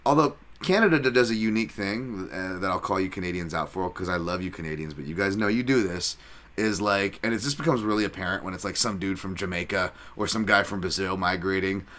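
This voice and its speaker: Bright, rambling, profane male fight podcaster. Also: deep voice, fast. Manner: rambling, profane, self-mocking asides. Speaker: podcast host and fight analyst. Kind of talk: casual fight breakdown chat.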